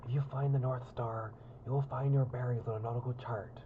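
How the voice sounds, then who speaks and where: A man voicing an energetic, childish young man who plays a pirate captain, using a put-on pirate accent with bold, playful delivery. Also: mid-range voice, a little fast, phone-quality sound, noisy background, lightly acted. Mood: instructive. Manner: bold, boisterous storytelling.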